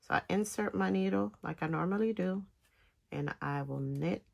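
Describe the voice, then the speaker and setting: A woman giving a casual step-by-step knitting tutorial, talking in halting phrases with pauses between them. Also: fairly low pitch, creaky, a little mellow. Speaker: knitting instructor.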